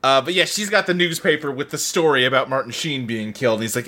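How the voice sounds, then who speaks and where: A man's voice: mid-range voice, fast talker, pushed and bright. A man co-hosting a casual podcast chat, acting out scenes in funny voices, swearing and laughing often. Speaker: podcast co-host.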